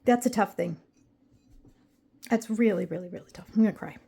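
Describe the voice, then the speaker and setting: A woman's voice: medium pitch, brisk, vocal fry, mellow, breathy edge. A young adult woman vlogging casually to her viewers, rambling and emotional as she drifts between topics. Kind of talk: casual chat to camera.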